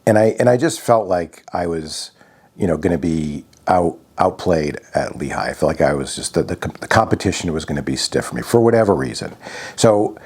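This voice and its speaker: Low husky man, reflective. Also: lively intonation, a little mellow. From Connecticut, USA. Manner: reflective, halting, with many restarts. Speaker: channel host telling a personal story. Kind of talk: personal storytelling.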